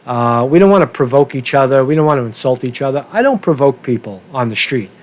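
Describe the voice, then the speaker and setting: A man hosting a casual livestream rant, worked up and talking fast to his viewers, often repeating and restarting his words and swearing now and then. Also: mid-range voice, animated. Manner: asks viewers for feedback, profane. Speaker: livestream host.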